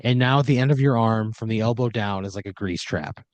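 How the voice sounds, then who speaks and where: A man's voice: on the low side, fairly quick, a little mellow, no room sound, lo-fi sound. Rambling young man telling an improvised story. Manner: rambling, filler-heavy and profane. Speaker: podcast host and storyteller.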